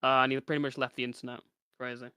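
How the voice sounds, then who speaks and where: Young guy talking fast, stumbly rambling story, bright sharp voice. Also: mid-range voice, flat delivery, smooth, no room sound, studio quality. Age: teens. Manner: rambling storytelling with many fillers and restarts. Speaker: guest. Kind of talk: casual chat.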